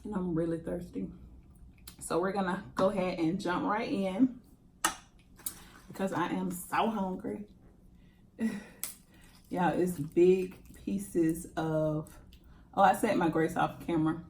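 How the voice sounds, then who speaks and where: Chatty woman with a low voice. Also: fairly even intonation, slow pace, long pauses, a little mellow, a little hiss or hum. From Jacksonville, Florida. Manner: chatty, laughs often, talks while eating. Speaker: mukbang channel host. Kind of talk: casual eating chat to camera.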